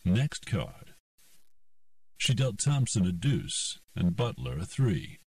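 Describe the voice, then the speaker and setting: Deep male audiobook narrator, slow and expressive, dry slightly distant recording. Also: no echo. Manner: steady, unhurried storytelling. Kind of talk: scripted narration.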